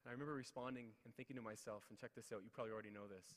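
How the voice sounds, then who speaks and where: A man's voice: medium pitch, fairly even intonation, racing. A man in his thirties giving a motivational speech, telling personal stories with repeated refrains and acted-out quotes. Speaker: keynote speaker. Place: large ceremonial hall at city hall. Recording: long hall reverb.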